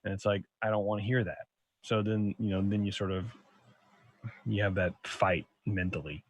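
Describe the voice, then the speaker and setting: A man's voice: lowish voice, steady tone, moderate pace, no room sound. A young adult man hosting a podcast, telling stories in a rambling, profane way full of restarts. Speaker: podcast host. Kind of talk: casual chat.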